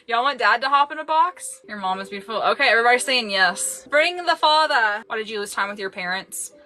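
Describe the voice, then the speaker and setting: A woman's voice: a little high, animated, normal speed, pushed and bright. A young woman hosting a casual family livestream, chatty and laughing often. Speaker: livestream host.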